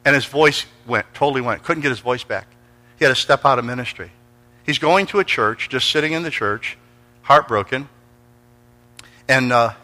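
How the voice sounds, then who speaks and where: A man's voice: fairly high pitch, pushed and bright, long reverb tail. A man preaching a sermon, telling stories and acting out voices and sounds. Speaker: pastor. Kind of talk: sermon with storytelling.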